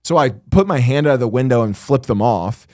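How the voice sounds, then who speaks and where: A man's voice: medium pitch, brisk, no room sound, clean studio sound. A man hosting a casual comedy podcast, telling stories with lots of swearing and acted-out quotes. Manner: animated storytelling, swearing, acting out quotes. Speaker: podcast host.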